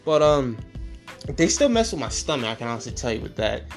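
A young man hosting a casual solo podcast, rambling and animated, swearing freely and restarting his sentences often. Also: mid-range voice, a little fast, creaky, faint music behind. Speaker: podcast host.

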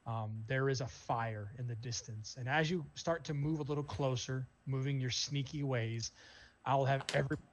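A man's voice: medium pitch, normal speed, a little hiss or hum. Man narrating a tabletop game, lo-fi. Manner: relaxed descriptive narration with fillers. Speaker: game master.

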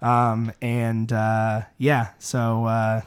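A male podcast host talks in a loose, rambling way, piling up ums and uhs and restarting his thoughts as he goes. His voice sits at an ordinary middle pitch. It sounds like relaxed, unscripted chat among friends. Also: extremely slow, clear, resonant tone. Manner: rambling, many fillers and restarts.

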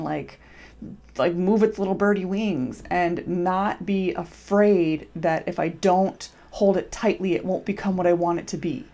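A woman's voice: fairly low pitch, warm tone. A woman hosting her own podcast as a mindset coach, talking casually and earnestly with lots of fillers and encouraging asides. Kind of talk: casual solo podcast talk.

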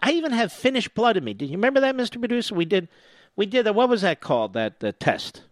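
A man on talk radio with a high, very lively voice that swoops up and down as he mocks and jabs. His delivery is sarcastic and combative, an opinionated monologue. The sound is dry and close, with no room around it. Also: quick pace, dry recording. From US East Coast.

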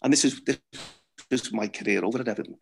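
Middle-aged man, gravelly, husky, blunt storyteller, salty language. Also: mid-range voice, fast. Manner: blunt, swearing, laughs at own stories. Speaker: former footballer guest. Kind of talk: anecdotal storytelling.

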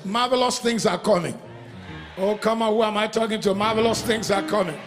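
A middle-aged male pastor with a Nigerian accent preaching a fervent sermon, chanting and singing refrains and swinging from loud calls to hushed passages. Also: high-pitched, normal speed, gravelly. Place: church service.

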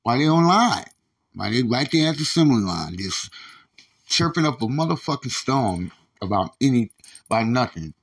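A man with a rough, gravelly voice at an ordinary middle pitch vents on his own podcast. He speaks, swears constantly and keeps stumbling into repeated restarts as he rants. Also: expressive, moderate pace. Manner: profane, repetitive, stammering restarts. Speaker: podcast host. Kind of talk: casual ranting monologue.

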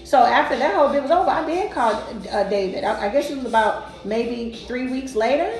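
A woman's voice: high voice, animated, brisk, roomy sound, soft background music, rough recording. A woman casually telling a personal story, emphatic and colloquial, often repeating herself.

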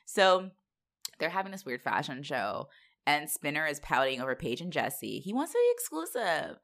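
A woman co-hosting a casual podcast recap, animated and laughing, acting out characters in quick voices. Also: low-pitched, vocal fry. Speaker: podcast co-host recapping a TV show. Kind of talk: casual chat.

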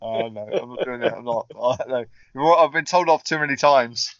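A man's voice: medium pitch, brisk, fairly bright tone, no room sound. Giggly man bantering on a podcast. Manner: giggly, self-mocking banter. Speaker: podcast co-host. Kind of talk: casual chat. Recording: dull lo-fi sound, dry.

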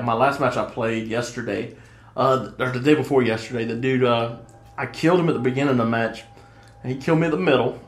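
A man co-hosts a casual gaming podcast from an echoey room, his voice sitting at an ordinary middle pitch. He tells his stories in an excitable, swearing-heavy rush, and the room rings around him. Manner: excitable, profane storyteller. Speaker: podcast co-host. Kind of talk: casual chat.

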